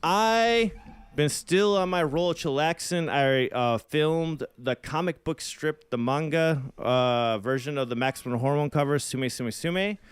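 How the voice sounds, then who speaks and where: A man's voice: on the high side, a little slow, clear, resonant tone, no echo. Laid-back rambling young man. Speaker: podcast co-host and musician. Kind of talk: casual podcast chat. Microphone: phone.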